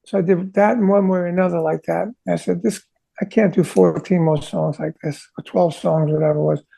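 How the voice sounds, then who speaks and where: Speaking a little fast, a rock drummer with a high, deeply gravelly, dark and mellow voice shares studio stories in a casual interview. He stays animated throughout, singing drum parts aloud and acting out what people told him.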